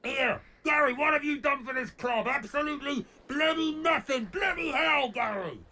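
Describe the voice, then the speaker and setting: A man doing a shrill, swearing old football fan. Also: normal speed, pushed and bright, exaggerated voice. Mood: grumbling. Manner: sarcastic, exasperated, keeps saying "bloody hell". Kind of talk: comedy sketch.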